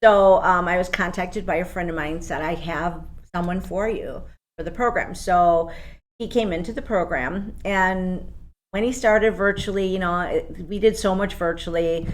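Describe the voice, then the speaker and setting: Warm-spirited female interview guest. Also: fairly low pitch, moderate pace. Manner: enthusiastic storyteller, frequent "you know" and laughs. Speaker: guest, program coordinator. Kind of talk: casual interview.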